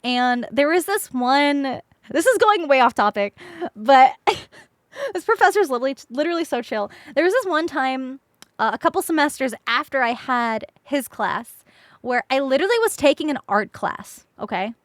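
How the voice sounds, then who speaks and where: Young woman streamer, high, swooping voice, dry close sound, laughs and swears through casual stories. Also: moderate pace, no echo. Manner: animated, laughs often, swears freely. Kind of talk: casual storytelling to a chat.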